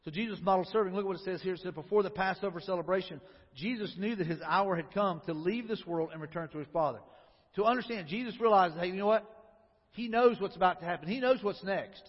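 Pastor, man, high husky voice, chatty sermon full of questions to the room, lo-fi recording with long hall reverb. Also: fast. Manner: conversational preaching with rhetorical questions.

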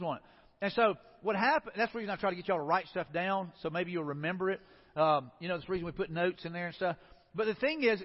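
A middle-aged man, preaching a folksy sermon full of acted-out stories. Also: high voice. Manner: folksy, storytelling with acted-out quotes. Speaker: pastor. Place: church sanctuary. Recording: dull, lo-fi sound in a reverberant hall.

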